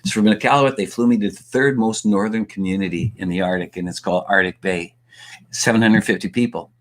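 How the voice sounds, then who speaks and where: Brief: lively male storyteller from Canada, lowish voice, speaker at a talk. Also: brisk. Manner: animated storyteller acting out dialogue. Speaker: guest speaker and author.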